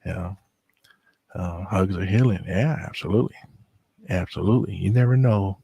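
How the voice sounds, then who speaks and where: Deep gravelly man, easygoing storyteller. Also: normal speed, dull audio. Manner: relaxed, reflective, many fillers. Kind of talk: casual storytelling chat.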